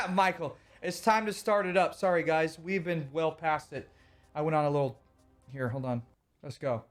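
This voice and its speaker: A man's voice: fairly high pitch, a little slow, faint music behind. A man in his thirties ranting heatedly during a casual livestream, swearing often. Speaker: streamer.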